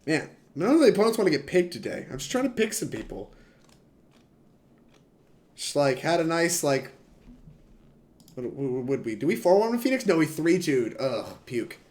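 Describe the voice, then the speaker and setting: A man's voice: on the high side, big pitch swings, a little mellow. Chatty young man streaming a card game. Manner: rambling, chatty, quick to laugh. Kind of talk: casual gameplay commentary to chat.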